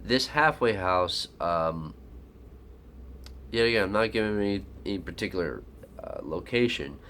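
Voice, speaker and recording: A man's voice: lowish voice, fairly bright tone, slight background noise. A man vlogger telling a personal story in a casual, rambling, profane way, full of fillers and blunt asides.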